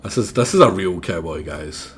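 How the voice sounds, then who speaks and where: A man's voice: low-pitched, very animated, moderate pace, gravelly, soft background music. A man casually commenting while streaming a game, joking and self-deprecating, his throat sore.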